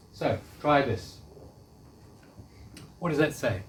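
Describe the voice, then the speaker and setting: A man's voice: medium pitch, distant mic, slight background noise. A man in his fifties giving a live spiritual workshop talk, earnestly coaxing the audience to repeat affirmations after him. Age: 50s. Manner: earnest, coaxing, leads audience call-and-response. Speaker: workshop speaker.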